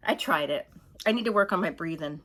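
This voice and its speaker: A woman's voice: lowish voice, animated, brisk, fairly bright tone, slight background noise. A woman ranting in a casual opinion monologue, rambling and exasperated, mocking others with whiny put-on voices. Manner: rambling, exasperated, laughs while telling stories. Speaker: vlogger.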